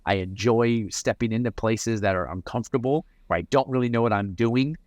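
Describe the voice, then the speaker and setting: A man's voice: medium pitch, brisk, darkish tone, no room sound. A man answering interview questions as a mental performance coach, reflective and often repeating words as he starts a thought.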